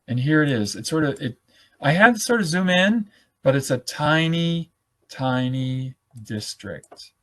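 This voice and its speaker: A man runs a live webinar, guiding viewers through a software demo in a casual way, thinking out loud and correcting himself. His voice is slightly high, expressive and hoarse because he is losing it, and he keeps a measured pace.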